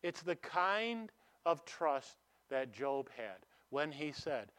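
A man preaching a sermon in a conversational way, asking rhetorical questions and swinging between emphatic and hushed delivery. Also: on the high side, big pitch swings, slow.

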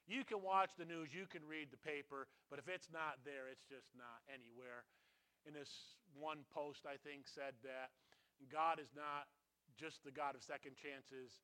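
A man preaching a sermon, asking his congregation questions, his voice rising loud and dropping low. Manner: swings from loud to hushed, asks the congregation. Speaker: pastor.

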